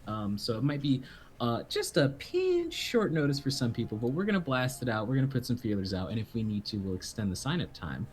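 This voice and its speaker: A man's voice: mid-range voice, big pitch swings, a little fast, a little hiss or hum. A man who is a game master and voice actor, chatting enthusiastically and rambling through his plugs on a stream. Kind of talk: casual stream chat.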